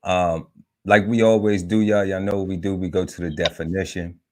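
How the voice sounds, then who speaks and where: A man hosting a live talk podcast, welcoming his panel and leading the discussion in a relaxed, easygoing way. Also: sits low, normal speed, a little hiss or hum. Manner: relaxed, repeats and restarts, leads with set segments. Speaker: podcast host.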